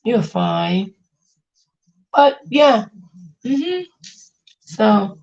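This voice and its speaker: A woman's voice: medium pitch, big pitch swings, extremely slow, vocal fry, a little mellow, muffled recording. A woman hosting a casual livestream, venting about family and reassuring her chat viewers, often repeating herself. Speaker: livestream host.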